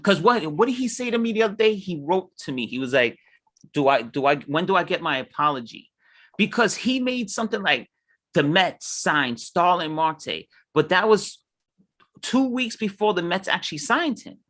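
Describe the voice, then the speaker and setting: A man's voice: high-pitched, sing-song, normal speed, a bit bright. A man, co-hosting a casual show, ranting heatedly and mimicking other people. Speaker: podcast co-host. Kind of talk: casual chat.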